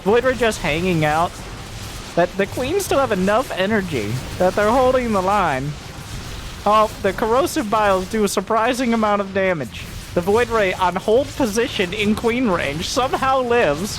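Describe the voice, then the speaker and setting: A man casting a strategy game match, joking around and getting loud and excited at big plays. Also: high-pitched, normal speed, music in the background. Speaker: esports caster. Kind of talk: game commentary.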